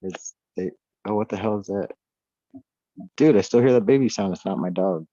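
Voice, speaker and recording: Profane, excitable male guest, slightly low voice, muffled remote-call audio. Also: moderate pace, no room sound. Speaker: podcast guest. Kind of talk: casual chat. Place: off-grid homestead at night.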